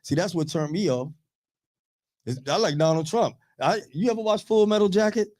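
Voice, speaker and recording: A man in his thirties on a radio talk show, telling profane, animated stories in casual chat. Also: sits high, moderate pace.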